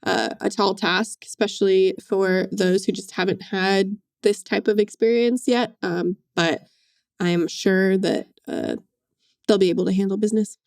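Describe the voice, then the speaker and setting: A woman sports reporter chatting on a podcast. She talks in a halting way, full of "um"s, and her pace speeds up and slows down. Her mid-pitched voice has a gravelly fry, and the close mic keeps it dry. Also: steady tone, a little mellow, no room sound. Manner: halting, many "um"s, uneven pace. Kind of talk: casual sports chat.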